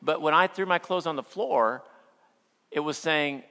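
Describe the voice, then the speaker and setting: A middle-aged male pastor preaching a sermon, telling stories with playful humor and acting out quotes, then slowing down for earnest points. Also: on the high side, bright, forceful tone, smooth. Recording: long hall reverb.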